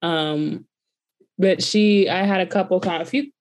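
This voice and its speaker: A young woman co-hosting a casual chat, telling a story with animated quoted voices. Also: on the low side, a little slow. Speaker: podcast co-host.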